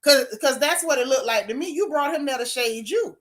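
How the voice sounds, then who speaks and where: A woman giving sassy, animated gossip commentary as a YouTube host. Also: sits high, fairly quick.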